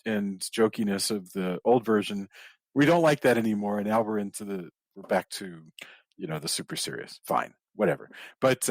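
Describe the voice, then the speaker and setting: A man's voice: lowish voice, no echo. A man co-hosting a podcast, talking about a film in a reflective, musing way with casual asides. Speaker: podcast co-host.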